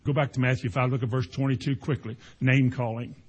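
This pastor has a brisk, husky, mid-range voice. His sermon is conversational and folksy, built on homely stories that he livens up with playful sound effects.

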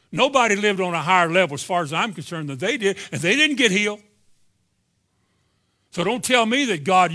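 A man preaches a sermon at a church service, emphatic and at times sarcastic, firing rhetorical questions at his listeners and adding sarcastic asides. His high-pitched voice sounds pushed and bright.

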